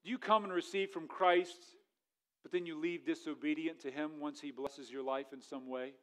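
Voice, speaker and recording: A man preaching a sermon, reading scripture aloud and swinging between loud, rising emphasis and quiet asides. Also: fairly high pitch, fairly even intonation, normal speed. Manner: preaching with rising intensity, then dropping quiet; reads scripture aloud in old-fashioned wording. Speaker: pastor.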